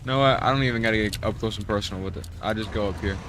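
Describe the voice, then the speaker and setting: A man's voice: on the low side, rapid-fire, background noise. A young man doing let's play commentary with theatrical, mock-threatening trash talk at the game. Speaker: gamer.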